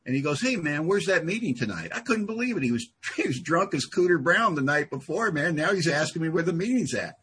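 A man speaking at a recovery meeting, telling a personal story with big swings from low mutters to loud outbursts. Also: lively intonation, a little fast, hardly any pauses, a little hiss or hum. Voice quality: very husky. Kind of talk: storytelling talk.

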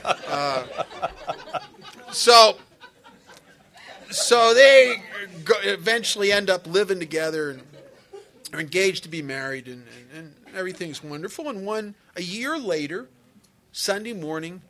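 A man speaking at a recovery meeting and telling humorous stories in a joking, conversational way. He often drops into quiet asides and then breaks into loud, excited bursts. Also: high-pitched, measured pace, long pauses. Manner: joking, conversational, full of "you know" and "man". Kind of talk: humorous storytelling talk.

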